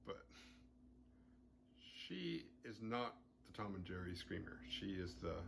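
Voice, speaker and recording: A man hosting a horror movie podcast, retelling a film's plot in a casual, animated and playfully crude way. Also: sits low, slow pace, creaky, pauses often, noisy background.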